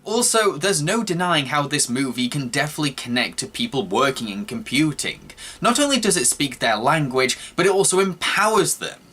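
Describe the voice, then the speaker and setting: A man's voice: on the high side, lively intonation, sharp tone, breathy edge. Earnest man reviewing a film. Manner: measured, earnest and analytical. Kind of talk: scripted narration. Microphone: voice-over.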